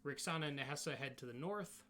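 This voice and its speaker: A man's voice: a little high, fast talker, bright, forceful tone. A man narrating as game master in a casual, rambling way with many fillers. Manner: casual, filler-heavy, restarts often.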